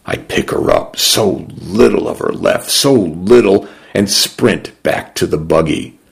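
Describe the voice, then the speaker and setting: A man narrating a story in the first person, in a measured, unhurried and somber way. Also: deep voice, animated, gravelly.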